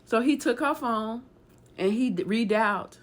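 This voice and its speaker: A woman tells a true story in a casual, lively way. She has a slightly higher voice and brings each scene to life as she narrates. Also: unhurried. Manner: animated, acts out dialogue.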